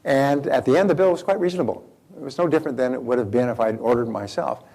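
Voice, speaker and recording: Fast-talking with vocal fry and a darkish, medium-pitched tone, this motivational seminar speaker addresses the live crowd with direct questions, anecdotes, and emphatic repeated phrases.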